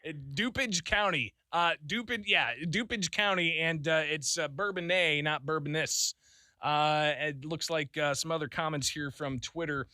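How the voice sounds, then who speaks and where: A man's voice: a little high, normal speed, hardly any pauses, bright, forceful tone, dry recording, clean studio sound. A man hosting a call-in radio talk show, chatty and laughing often, with lots of fillers. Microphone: studio microphone.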